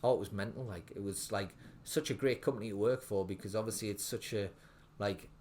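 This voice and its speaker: A man's voice: on the low side, brisk, a little mellow, slight background noise. A man, telling his story as a guest in a casual podcast interview, rambling with lots of "like". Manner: rambling, full of fillers like "like". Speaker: guest, restaurant owner.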